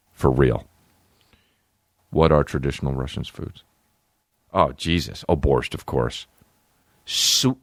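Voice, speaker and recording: A man's voice: very deep voice, dry recording, studio quality. A man hosting a podcast who riffs profanely through a casual comedic rant. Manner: profane, animated, riffing.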